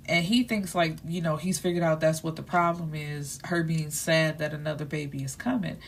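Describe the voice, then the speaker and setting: A woman's voice: deep voice, steady tone, normal speed, creaky, few pauses, slight background noise. A woman book reviewer recapping a novel's plot in a casual, chatty way, with blunt and salty asides. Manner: chatty, leaning on "you know" and "like".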